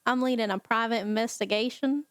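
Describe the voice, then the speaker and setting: A woman's voice: on the high side, steady tone, fairly quick, a bit bright, clean tone, no echo, clean studio sound, natural voice. A woman reading aloud the lines of a pushy male private investigator in a game, in her own voice. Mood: probing. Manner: reads his lines plainly in her own voice.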